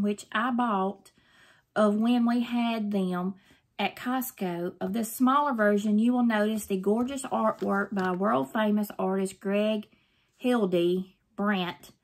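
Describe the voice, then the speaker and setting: A woman's voice: on the high side, a little slow. An older woman, chatting effusively to her viewers while opening mail in a casual vlog. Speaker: craft vlogger.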